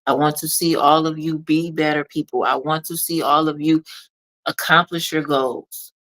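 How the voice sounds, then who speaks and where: A woman's voice: deep voice, level tone, normal speed, fairly bright tone, low-quality recording. A woman speaking as a motivational consultant, talking straight to the listener in an emphatic, preachy way that repeats phrases for stress. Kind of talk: motivational monologue.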